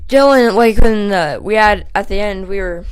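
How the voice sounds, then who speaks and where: A young man telling a casual storytime vlog, rambling with lots of fillers and growing animated as he retells the story. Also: high-pitched, normal speed, smooth. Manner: animated when retelling the fight. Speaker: channel host.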